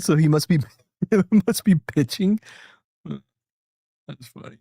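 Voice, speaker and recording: A man's voice: sits high, a little slow, dark tone, dry recording, studio quality. A man streaming, chatting casually and rambling with jokes while reacting to a video with friends. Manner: rambling, joking, chuckles often. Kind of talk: casual chat.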